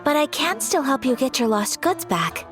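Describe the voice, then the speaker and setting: Formal, courteous game noblewoman, slightly high voice. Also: sing-song, moderate pace, over music. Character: poised noblewoman, eldest daughter of a clan. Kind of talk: video game voice acting.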